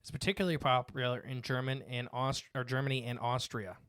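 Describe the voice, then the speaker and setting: A man's voice: medium pitch, steady tone, a little fast, fairly bright tone, no room sound. A man co-hosting a casual podcast, reading facts from his notes and rambling with fillers and restarts. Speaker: podcast co-host. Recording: dry close mic.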